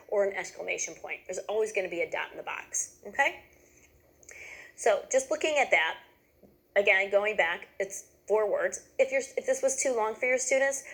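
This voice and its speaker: A woman's voice: medium pitch, fairly bright tone, low-quality recording. A woman giving a patient, step-by-step lesson to teachers, checking in often with "okay?". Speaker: teacher trainer.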